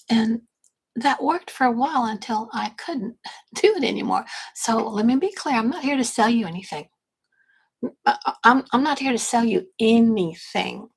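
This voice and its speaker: A woman's voice: on the high side, vocal fry, slightly rough, low-quality recording. An older woman from Texas, a grandmother, hosting a casual livestream and chatting to viewers in a rambling, self-correcting way. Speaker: livestream host and business coach.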